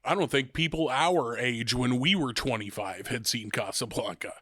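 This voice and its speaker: A man in his thirties co-hosting a casual podcast, his voice bright and forceful and recorded dry and close. He rambles, swears freely and pokes fun at himself. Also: medium pitch, moderate pace, dry recording. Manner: swearing, rambling, self-mocking. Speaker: podcast co-host. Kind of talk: casual chat.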